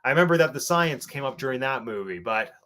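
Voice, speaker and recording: A man's voice: medium pitch, expressive, fast, sharp tone. An English man hosting a casual live stream, playful and jokey as he greets viewers and reads out their chat messages. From England. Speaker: host.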